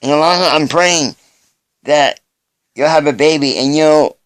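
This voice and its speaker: A man recording a personal video message, speaking earnestly and haltingly, often restarting his sentences. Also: on the high side, smooth, no echo.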